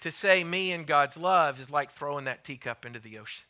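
A man's voice: a little high, fairly quick, pushed and bright. A man preaching a sermon in a church, emphatic and repetitive, sometimes dropping his voice to near a whisper.

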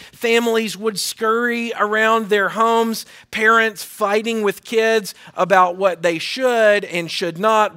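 Man, pastor, high voice, earnest sermon with scripture reading, call-and-response, church sanctuary. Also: pushed and bright.

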